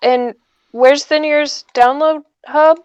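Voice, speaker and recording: A woman's voice: high-pitched, fairly even intonation, slow, darkish tone, no room sound. A woman playing a tabletop game, giggly and stumbling over her words. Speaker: player. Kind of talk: casual tabletop role-play.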